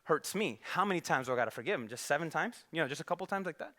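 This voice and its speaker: A male disciple asks, in easy everyday speech, how far forgiveness has to go, as a preacher voices him. The tone is bright and conversational. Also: a little high, expressive, very fast. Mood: questioning. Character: male disciple asking an earnest question.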